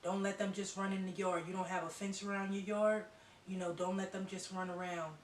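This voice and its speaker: A woman's voice: mid-range voice, flat delivery, fairly quick. Psychic reader, female: blunt, emphatic, repetitive. Recorded with a roomy echo off a distant mic and faint hiss. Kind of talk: channeled tarot-style reading to viewers.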